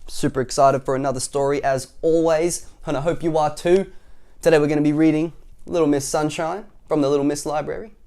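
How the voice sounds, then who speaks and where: A man hosting a storytime video, reading a picture book aloud to children in a playful, animated way and asking them questions. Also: on the high side, a little fast, clear, resonant tone. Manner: animated, playful, talks to young listeners. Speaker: storytime host.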